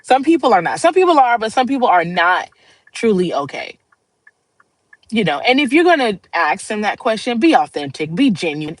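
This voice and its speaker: A woman's voice: lowish voice, no room sound, low-quality recording. A woman hosting a livestream, talking to viewers in a casual, heartfelt monologue. She rambles earnestly and laughs often. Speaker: livestream host.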